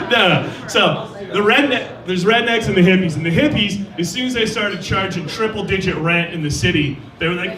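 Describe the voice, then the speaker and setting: Wry high-voiced stand-up man on stage. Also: normal speed, distant mic. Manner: wry deadpan delivery with mock-voiced quotes. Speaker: stand-up comedian. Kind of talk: stand-up set. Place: live comedy venue. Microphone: stage mic. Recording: roomy live venue with crowd. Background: audience laughter.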